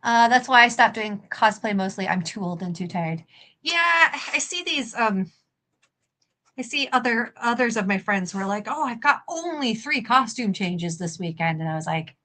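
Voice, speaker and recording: Woman, craft stream host, clear bright tone, casual and self-mocking while working. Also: mid-range voice, lively intonation, normal speed. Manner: chatty, self-deprecating, talks while working. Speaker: livestream host and prop maker. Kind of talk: casual crafting livestream chat.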